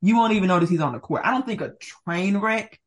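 A woman's voice: mid-range voice, lively intonation, fast. Chatty woman podcast co-host. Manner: chatty, laughs often, hedging with "like". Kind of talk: casual sports chat.

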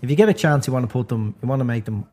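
An Irish man on a football podcast panel, halting and filler-heavy. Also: mid-range voice, expressive, dark tone. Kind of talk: casual football chat.

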